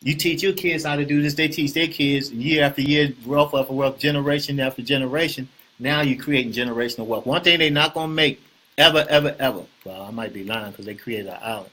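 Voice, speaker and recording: A man hosting a casual real estate talk, animated and preachy, often repeating himself and asking the viewers questions. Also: mid-range voice, a little fast. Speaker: host.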